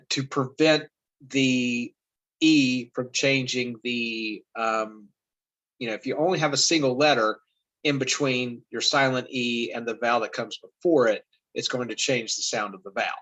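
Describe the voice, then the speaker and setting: A man talks through a spelling lesson as an informal commentator, pausing often and restarting his sentences. His voice is of middle pitch and sounds easygoing, like a teacher thinking aloud over the material. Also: low-quality recording. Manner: relaxed and halting, with many fillers and restarts. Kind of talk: casual spoken commentary.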